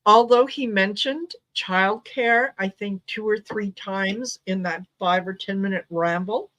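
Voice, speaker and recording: Tarot reader lady, talks real slow, restarts a lot, just chatting. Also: mid-range voice, a bit bright. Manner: unhurried, repeats words as she thinks. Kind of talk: casual livestream chat.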